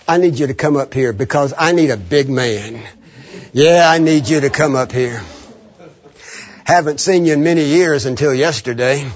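A man preaching a sermon, animated and laughing often, leading the congregation in call-and-response. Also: a little high. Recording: muffled lo-fi sermon recording.

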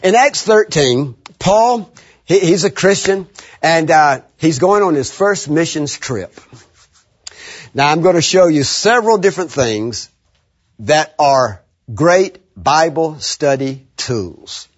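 A man preaching to young people, leading call-and-response and slowly repeating phrases for emphasis, with high laughing shouts now and then. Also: animated, slightly rough. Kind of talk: lively teaching sermon. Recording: dull lo-fi recording.

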